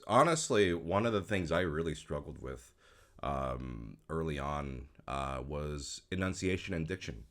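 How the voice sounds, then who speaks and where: A man in his thirties, a voice actor, giving casual commentary in a relaxed, rambling way, with many fillers and trailing-off phrases. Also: rumbling low. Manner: says his own speech is not super crisp. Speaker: voice actor and YouTuber.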